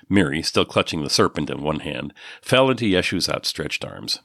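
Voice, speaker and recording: A man reads an audiobook in a measured, descriptive way. His voice sits very low. The recording is dry and close, with no room sound. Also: lively intonation, vocal fry, fairly bright tone, dry recording. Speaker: audiobook narrator. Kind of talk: scripted narration.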